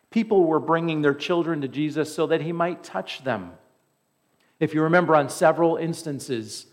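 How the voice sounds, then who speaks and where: A man preaching a sermon as pastor, earnest and conversational, with emphatic repeats. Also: a little high.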